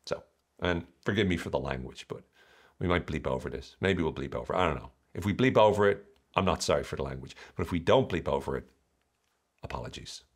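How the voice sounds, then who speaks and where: A man hosting a motivational podcast, talking in a playful, animated way and acting out voices. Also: rumbling low, a little fast, breathy edge. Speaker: podcast host.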